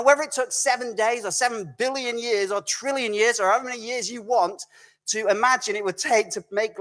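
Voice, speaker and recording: Man telling a storytelling sermon. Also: sits high. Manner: conversational, animated storytelling with self-corrections. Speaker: guest preacher. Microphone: recorded video message.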